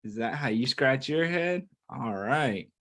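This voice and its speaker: A man with a mid-range voice reads a picture book aloud a little slowly, aiming it at young children. He keeps things playful and lively, regularly stopping to ask them questions and get them involved.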